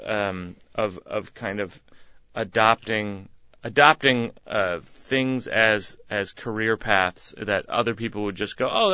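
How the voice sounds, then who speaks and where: Comedian guest, male, from Massachusetts; easygoing, meandering storyteller with a crisp bright voice on a dry studio mic. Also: mid-range voice, no echo, highs cut off. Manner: laid-back rambling delivery with frequent chuckles. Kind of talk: casual interview storytelling.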